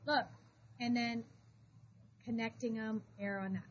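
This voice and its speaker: A woman teaching math to a high school class, talking briskly and calling students back to attention. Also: steady tone. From Florida. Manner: brisk, shushing, calls for attention. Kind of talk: classroom lesson. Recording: dull classroom recording with noise.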